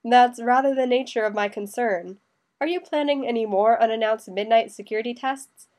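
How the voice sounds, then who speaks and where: A woman voicing a young male emperor who speaks slowly and measuredly with dry teasing. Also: fairly high pitch, darkish tone, lightly acted. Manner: slow, measured, dryly teasing.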